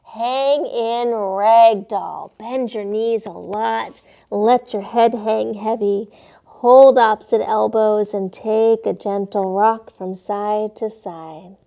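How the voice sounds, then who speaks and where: A young woman gently guiding children through a yoga class, playful and encouraging, sometimes making animal sounds. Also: medium pitch, fairly even intonation, takes it slowly, vocal fry. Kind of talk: guided kids' yoga instruction.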